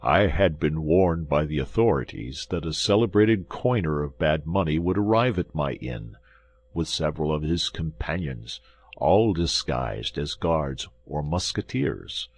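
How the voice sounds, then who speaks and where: A man's voice: extremely low pitch, expressive, a little slow, husky, exaggerated voice. Man voicing a trembling, begging innkeeper. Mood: anxious. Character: frightened pleading male innkeeper.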